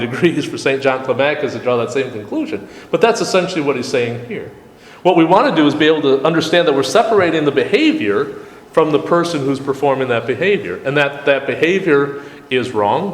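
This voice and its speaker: A man leading a church study group, teaching in a casual, conversational way and often restarting his sentences. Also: mid-range voice. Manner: conversational, frequent restarts, quotes texts aloud. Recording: echoey room with long reverb.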